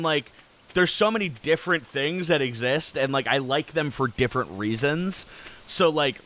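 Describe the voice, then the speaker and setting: A man's voice: medium pitch, sharp tone, a little hiss or hum. A young man giving casual, rambling commentary while playing a game, with plenty of fillers and restarts. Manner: easygoing, chatty. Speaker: gaming video creator.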